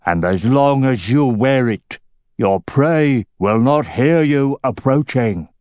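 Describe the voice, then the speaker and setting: A man voicing a proud, hearty middle-aged dwarf king who speaks slowly and declaims each word. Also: medium pitch, lively intonation, darkish tone, dry recording. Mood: warm, proud.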